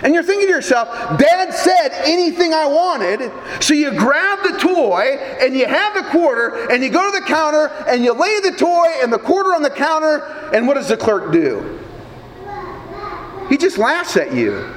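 A male pastor from Nebraska preaching a sermon, telling stories in an animated way with small stammers. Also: extremely high pitch, moderate pace, long reverb tail, rough recording.

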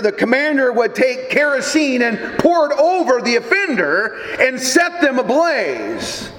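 A male pastor delivering a sermon, telling a story in an animated, deliberate manner. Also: very high-pitched, echoey room, in a large hall.

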